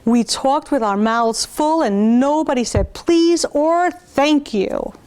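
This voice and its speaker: High-voiced woman storytime reader; reads picture books aloud to preschoolers and stops to show the pictures. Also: expressive, a little mellow. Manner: pauses to point out pictures to listeners.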